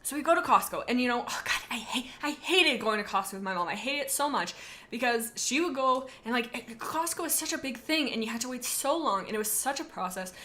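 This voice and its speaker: Bright, rambling young woman streamer. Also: on the high side, brisk. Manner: rambling and animated, tells stories with asides. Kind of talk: casual live-stream chat.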